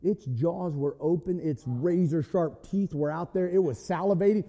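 A male pastor preaching a sermon in an animated way, often shouting. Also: on the high side, moderate pace, in a large hall.

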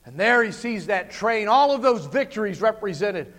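A man preaching a sermon, swinging from hushed passages to shouted climaxes. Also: high voice, sing-song, moderate pace. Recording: long hall reverb.

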